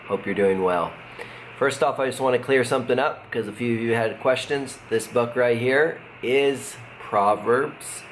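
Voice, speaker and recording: A middle-aged man, a pastor, giving a casual devotional talk in a relaxed, conversational way, with fillers and chuckles. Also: fairly low pitch. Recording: faint background noise.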